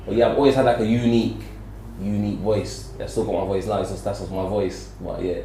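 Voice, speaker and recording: Middle-aged man, Birmingham-meets-South-London accent; low, warm, loose and rambling; recorded in an echoey room. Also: steady tone, fast talker, a little hiss or hum. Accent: Birmingham mixed with South London. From Birmingham, England. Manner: loose, rambling, full of "like" and restarts. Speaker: podcast guest. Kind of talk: casual interview chat.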